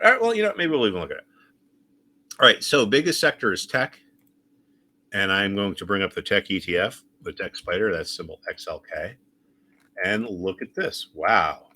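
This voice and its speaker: A man's voice: deep voice, pushed and bright. A man teaching a chart lesson on a screen share, speaking emphatically and repeating his key points. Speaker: trading educator.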